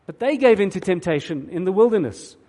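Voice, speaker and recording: Earnest preacher in a reverberant hall. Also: male voice, high voice, lively intonation, a little fast, dark tone. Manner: earnest, emphatic preaching with repeated words. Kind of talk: sermon.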